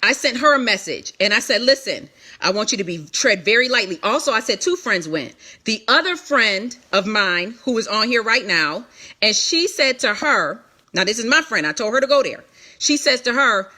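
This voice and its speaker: Bright-voiced woman giving emphatic testimony. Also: on the high side, very animated. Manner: emphatic, repetitive, quick restarts. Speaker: ministry leader speaking to an online audience. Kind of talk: candid testimony to viewers.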